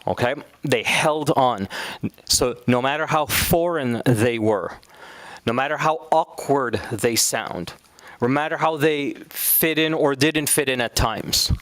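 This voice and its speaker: A man's voice: mid-range voice, slow pace, a bit bright, no room sound. A man teaching an Islamic studies class in a casual, conversational way, now and then acting out quoted speakers.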